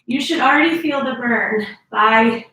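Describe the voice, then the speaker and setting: A woman's voice: a little high, measured pace, bright, forceful tone, heavy reverb, recorded from a distance, poor audio. A woman fitness instructor talking viewers through a workout, counting reps and urging them to squeeze harder.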